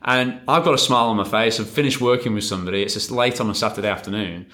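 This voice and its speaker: A man from the United Kingdom, a swim coach, chatting casually in an interview and telling stories in a rambling, animated way. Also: lowish voice, fast talker.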